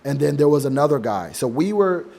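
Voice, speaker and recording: A man's voice: on the high side, big pitch swings, brisk, vocal fry, a little mellow. A young adult man in a casual monologue of advice, blunt and profane, rambling through anecdotes with many restarts. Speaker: men's advice vlogger.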